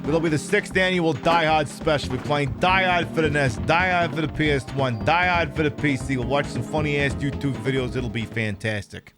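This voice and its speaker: A man's voice: fairly high pitch, music in the background. A man hosting a live stream, chatting casually and rambling while he plays a game. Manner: rambling, animated, drops into quick impressions. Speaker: streamer host.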